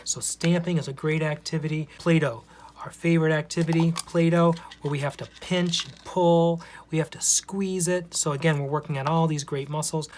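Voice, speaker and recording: A man's voice: fairly high pitch, a little hiss or hum. A man teaching preschoolers in a video, explaining step by step in a friendly, patient way. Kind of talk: instructional video for young children.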